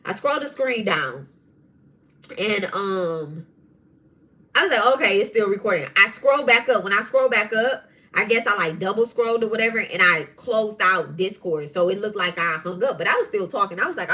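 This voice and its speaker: A woman hosting a spiritual podcast who tells stories in a casual, animated way, swearing freely. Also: mid-range voice, moderate pace. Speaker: podcast host and tarot reader. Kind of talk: casual storytelling monologue.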